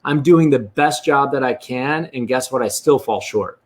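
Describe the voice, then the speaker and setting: A man's voice: medium pitch, normal speed. A man talking as a real estate coach in a candid interview, blunt and profane. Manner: blunt and profane, speaks freely.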